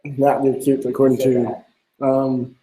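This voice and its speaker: A man's voice: mid-range voice, level tone, a little slow, dark tone. A man reading viewer comments aloud for his friend's live stream, teasing and laughing between remarks. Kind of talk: casual chat. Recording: echoey room.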